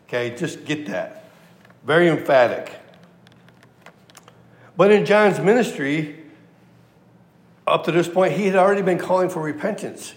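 Guy preaching a bible sermon, kinda high voice, chatty and emphatic, big echoey hall. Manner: conversational and emphatic, acts out quotes. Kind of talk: sermon, verse-by-verse Bible teaching.

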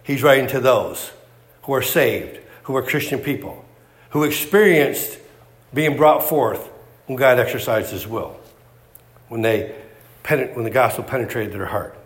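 A man's voice: medium pitch, a little slow, long pauses. A man preaching a sermon, emphatic and repetitive, firing off rhetorical questions.

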